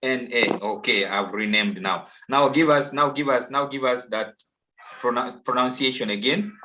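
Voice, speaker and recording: A man's voice: medium pitch, normal speed, sharp tone, slight background noise. A man with a Ugandan English accent teaching an online class, coaxing pupils and repeating himself patiently. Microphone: video call. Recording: dull, lo-fi online call audio.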